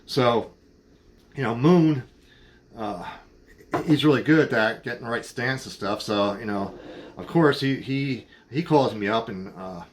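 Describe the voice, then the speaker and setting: A man's voice: mid-range voice, unhurried. A man telling a casual, rambling story about his car hobby in a voice-over, full of fillers and restarts, chuckling often.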